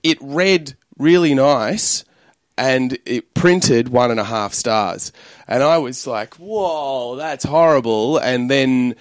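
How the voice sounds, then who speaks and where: Chatty comic telling stories. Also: male voice, mid-range voice, takes it slowly, no room sound, studio quality. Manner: rambling anecdotes, laughing often. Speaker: comedian guest. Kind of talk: casual chat.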